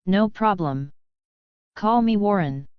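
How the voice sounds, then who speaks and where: A woman voicing a calm, self-assured teenage boy wizard with hidden plans, in a storybook reading. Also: medium pitch, takes it slowly, clean tone, no echo, narrow, tinny audio. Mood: easygoing.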